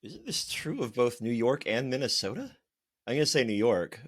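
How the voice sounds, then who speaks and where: A man's voice: medium pitch, sing-song, moderate pace. A man playing a trivia game, joking around and being playfully pedantic. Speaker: trivia contestant. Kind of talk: casual game banter.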